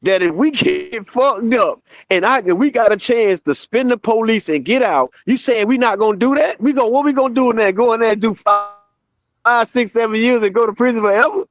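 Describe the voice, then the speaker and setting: A man's voice: very high-pitched, brisk, no room sound. A man co-hosting a casual street-talk chat, reacting with disbelief and laughter. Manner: incredulous, laughing, lively reactions. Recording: dry, dull lo-fi sound.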